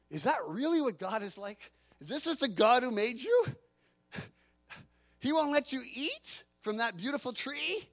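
A middle-aged man preaching a sermon in an animated way, sometimes acting out the voices of the people he quotes. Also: high-pitched, moderate pace, no room sound. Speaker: pastor.

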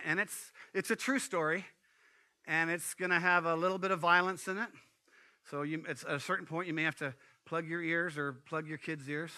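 A man preaching a sermon, telling stories in an animated way, full of asides to the congregation. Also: a little high, normal speed. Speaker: pastor.

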